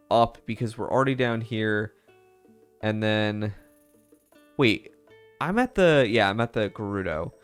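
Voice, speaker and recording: A man playing a video game and thinking aloud in casual commentary, often trailing off mid-sentence. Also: mid-range voice. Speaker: gamer streamer. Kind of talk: casual let's-play commentary.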